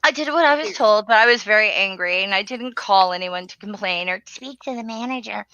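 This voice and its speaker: A woman's voice: medium pitch, brisk, sharp tone, no room sound, lo-fi sound. A woman in casual live-stream chat, telling stories in a blunt, profane way.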